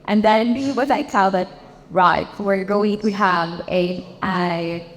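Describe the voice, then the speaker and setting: A woman's voice: mid-range voice, takes it slowly. A woman with a Filipino accent answering on a conference panel, chatty and laughing, sometimes switching into Tagalog. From Philippines. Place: conference hall. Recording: long hall reverb.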